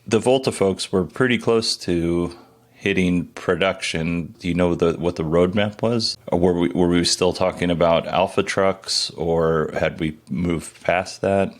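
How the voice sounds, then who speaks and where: A man's voice: deep voice, steady tone, measured pace. A man hosting a podcast, asking questions in a casual, rambling, conversational way. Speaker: podcast host.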